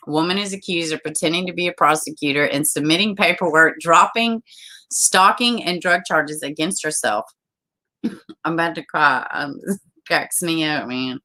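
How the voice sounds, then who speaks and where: A woman hosting a casual live stream, reading news stories and viewer comments aloud, chatty and quick to laugh. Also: fairly low pitch, sharp tone. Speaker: livestream host.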